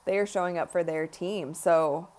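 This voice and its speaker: Tired and chatty, this young livestream host talks through a watch party in a lowish, slightly mellow voice, keeping an even intonation at a moderate pace. She yawns now and then and leans heavily on "like" and "honestly."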